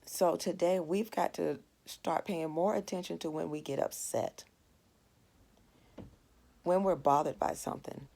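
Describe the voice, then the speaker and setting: Low, gravelly-voiced woman teaching a Bible lesson. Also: measured pace, pauses often, dark tone. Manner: earnest, storytelling with plain everyday asides. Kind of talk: conversational devotional lesson.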